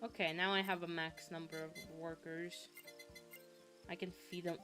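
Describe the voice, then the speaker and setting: A woman's voice: lowish voice, little pitch movement, moderate pace, pushed and bright, soft background music. A young woman from Finland chatting casually while streaming a game, rambling with lots of fillers and a slight sniffle. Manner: rambling, chatty, with frequent fillers and sudden swearing. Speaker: vtuber streamer. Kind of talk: casual gaming stream chat.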